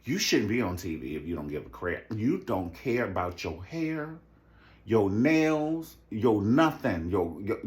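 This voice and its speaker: Animated, sassy man ranting. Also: measured pace. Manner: animated, sassy, swings into mocking high impressions. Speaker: reality TV commentator. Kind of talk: profane recap rant.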